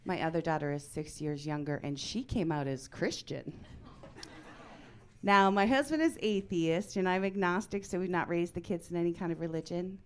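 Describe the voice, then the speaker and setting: A woman in her forties performing a stand-up comedy set on a club stage, with a deadpan, punchy delivery and sudden loud bursts. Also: on the low side, moderate pace.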